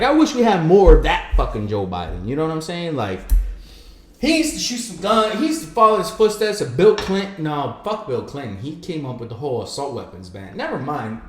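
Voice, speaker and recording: A man's voice: a little high, roomy sound. Profane ranting podcast man. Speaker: podcast co-host. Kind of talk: casual podcast chat.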